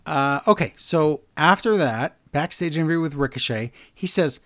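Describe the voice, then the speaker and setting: A male podcast co-host recapping wrestling in relaxed, casual chat. His slightly high voice swings widely in pitch. He sounds exasperated and shoots up in disbelief at what he recounts. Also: fairly quick, few pauses, dry recording, clean studio sound.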